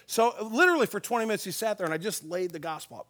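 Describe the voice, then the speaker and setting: A man, a pastor, giving a conversational sermon with personal stories, dropping softly on key points. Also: high-pitched, lively intonation, racing. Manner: folksy, tells personal stories with chuckles.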